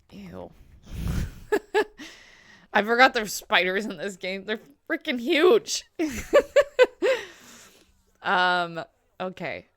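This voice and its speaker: A woman talks through her zoo-building game in a relaxed, unhurried way, fillers scattered throughout her commentary. Her voice sits a little low for a woman. The sound is dry and close, with no room behind it. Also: dry recording. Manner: chatty, talking to herself and the animals, filler-heavy. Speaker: gameplay streamer. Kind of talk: casual gaming commentary.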